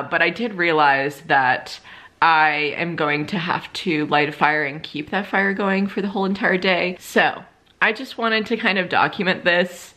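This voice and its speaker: A woman's voice: sits low, bright, forceful tone. A young woman vlogging casually at her rural home, chatty and candid, swearing freely and laughing often. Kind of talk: casual vlog talk to camera. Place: rural home during a power outage.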